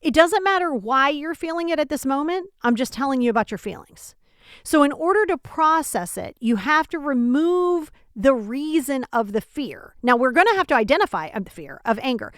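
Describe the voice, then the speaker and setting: A woman hosts a self-help podcast from home, talking in a casual, animated way. She is emphatic and speaks straight to the listener, often asking rhetorical questions. Her voice sits a little high and sounds dry and close. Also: brisk, dry recording. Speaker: podcast host.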